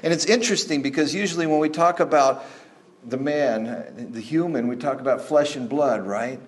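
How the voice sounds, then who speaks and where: A male pastor preaching a sermon in a conversational, animated storytelling manner. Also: mid-range voice, moderate pace.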